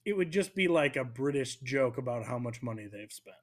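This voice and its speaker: A man's voice: medium pitch, a little fast. A young man co-hosting a sports podcast, chatting casually and joking animatedly. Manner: animated, joking, jumps between voices for bits. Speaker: podcast co-host.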